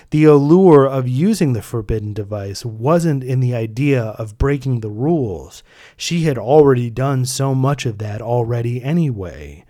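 A man reading his own fiction aloud as narrator, in a measured, deliberate storytelling manner. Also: mid-range voice, mellow, no room sound, clean studio sound. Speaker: author and narrator.

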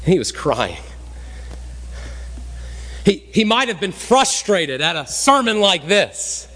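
A man preaching a sermon as pastor, emphatic, swinging between raised and hushed delivery. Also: high-pitched, big pitch swings, slow, pauses often, long reverb tail. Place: church sanctuary.

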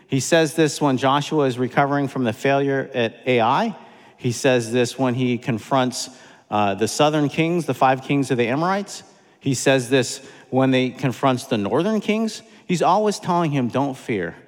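A man preaching a sermon, emphatic and repeating key phrases for weight. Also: mid-range voice. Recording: long hall reverb.

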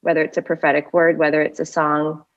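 Low-voiced woman hosting a podcast. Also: level tone, quick pace. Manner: warm affirming, rambling restarts. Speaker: podcast host. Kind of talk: casual podcast chat. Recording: dull lo-fi podcast audio.

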